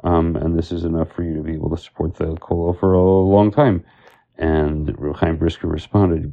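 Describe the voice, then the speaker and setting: Man, gravelly voice, informal Torah talk, stories and fillers. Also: sits low, steady tone, normal speed, phone-quality sound. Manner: storytelling with many fillers and Hebrew terms. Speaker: Torah teacher.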